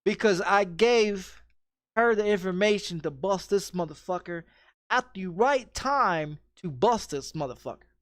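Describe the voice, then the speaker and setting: A man's voice: high voice, expressive, unhurried, no echo, clean studio sound. A streamer telling a story in casual chat, blunt and heavy on profanity, often repeating his phrases.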